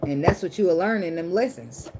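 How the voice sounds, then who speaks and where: A woman with a low voice gives a casual tarot reading to her camera. She talks bluntly, swears freely and jokes as she goes. Clicks and the shuffle of cards are clearly heard under her voice. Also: animated, fairly quick, background noise. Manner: blunt, profane and joking. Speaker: tarot reader. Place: indoors at night under a ring light.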